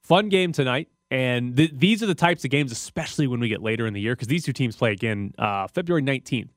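A man's voice: medium pitch, lively intonation, fast, dry recording. A male sports radio host talking through games in a casual, analytical way. The sound is dry and close, from a studio microphone.

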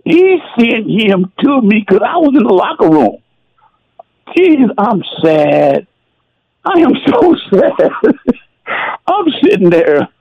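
Tearful and exclamatory, a man who once played football recounts his story to a radio show as a guest, crying out "geez" along the way. His high voice swoops wildly in pitch, and he speaks slowly with long pauses. The audio is dull.

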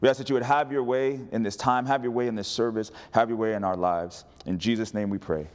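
Guy preaching a sermon, jokey and animated, keeps getting the crowd to answer back. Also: lowish voice, brisk. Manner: animated preaching with humor and call-and-response. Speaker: pastor.

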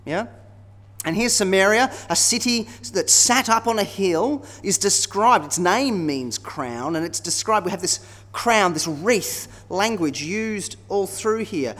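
A man's voice: high voice, normal speed. Preaching man in an echoing hall. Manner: expressive, conversational, with rhetorical tag questions. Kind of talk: sermon. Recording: long reverb of a large hall.

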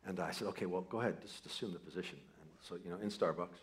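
A man preaching a sermon, telling a personal story, starting soft and building to loud emphasis. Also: sits low, rapid-fire. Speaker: pastor.

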